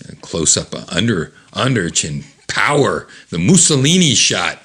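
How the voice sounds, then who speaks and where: Male host reading a comic aloud with lots of pitch movement and playful character voices. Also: a little slow, husky. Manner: animated, jumps into high character voices; chuckles at the jokes.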